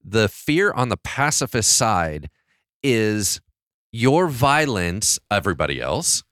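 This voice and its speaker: A man's voice: on the low side, sing-song, takes it slowly, fairly bright tone, no room sound, studio quality. A man co-hosting a podcast in a casual discussion, telling stories expressively and acting out his own reactions. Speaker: podcast co-host.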